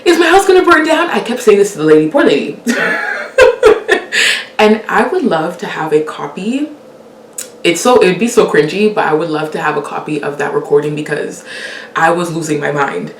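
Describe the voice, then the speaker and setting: Young woman, casual storytelling, laughs often, lowish voice, roomy echo, faint hiss. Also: normal speed, long pauses, recorded from a distance. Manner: animated, laughs often, acts out quoted lines. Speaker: storyteller host.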